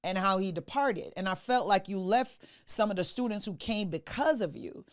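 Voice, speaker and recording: A woman's voice: mid-range voice, moderate pace. A woman hosting a podcast, making emphatic points in casual debate. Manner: emphatic, lively storytelling. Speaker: podcast host.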